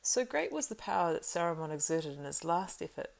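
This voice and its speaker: A woman with a low, gravelly voice reads a story aloud, measured and steady. Her narration is an audiobook reading.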